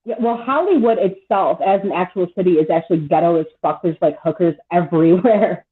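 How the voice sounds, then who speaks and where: On a live stream, a woman in her thirties chats casually with a lowish voice and a fairly quick pace, rambling, swearing freely, and saying "like" a lot. The audio sounds tinny, like a phone call.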